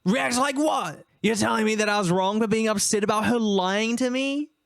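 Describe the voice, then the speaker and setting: A man's voice: high voice, normal speed, creaky, a bit bright, no echo, clean studio sound. A man voicing a controlling middle-aged male shopkeeper and strict father, indignant and defensive.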